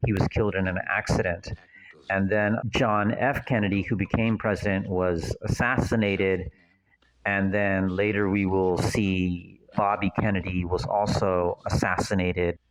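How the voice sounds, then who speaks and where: A man talks through a film in casual audio commentary, his voice sitting a little low. He wanders off on tangents and thinks out loud. It sounds like an unscripted, relaxed walkthrough. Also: measured pace, noisy background. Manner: chatty, digressive, thinking aloud.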